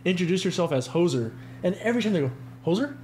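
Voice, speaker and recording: A man co-hosting a casual podcast chat, animated and profane, often acting out what other people say. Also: high voice, very fast, a little hiss or hum. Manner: animated, profane, acts out quoted voices. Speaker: podcast co-host.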